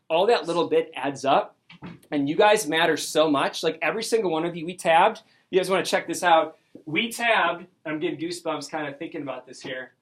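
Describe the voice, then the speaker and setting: Young guy hyping up his sales team, kinda high voice, tells it like a story and does everybody's lines. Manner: excited storyteller, acts out quoted dialogue. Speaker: sales district manager. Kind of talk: motivational talk to a sales team.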